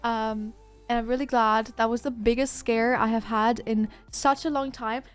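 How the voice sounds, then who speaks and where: Woman, livestream chat, rambling storyteller, fairly high voice, faint music behind. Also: little pitch movement, moderate pace, clean tone. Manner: rambling anecdotal storytelling with many "like"s and restarts.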